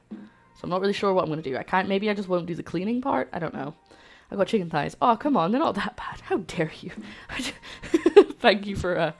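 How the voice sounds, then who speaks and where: A woman hosting a casual cooking livestream from her home kitchen, rambling cheerfully and answering her chat aloud. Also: on the low side. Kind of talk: casual live-stream chat while cooking.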